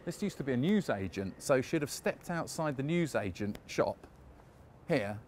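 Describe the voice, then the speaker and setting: A man's voice: medium pitch, expressive, normal speed, darkish tone, a little hiss or hum. A man talking his way through a walking tour outdoors, chatty and anecdotal, often chuckling. His voice sits in a middle range, with faint ambient sound around him. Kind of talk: casual guided walk narration. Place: outdoors on a park walk.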